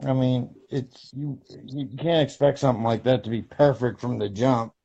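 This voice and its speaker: A man's voice: mid-range voice, normal speed, vocal fry, warm tone, highs cut off. A man co-hosting a casual podcast, giving blunt, short replies and swearing casually. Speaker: podcast co-host. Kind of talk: casual chat.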